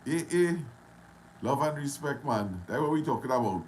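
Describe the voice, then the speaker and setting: A man with a Trinidadian accent hosting a casual live stream, greeting viewers one by one and talking loudly. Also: fairly high pitch, expressive, unhurried, slight background noise, low-quality recording. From Trinidad and Tobago. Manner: greets viewers by name, loud and friendly. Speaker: livestream host.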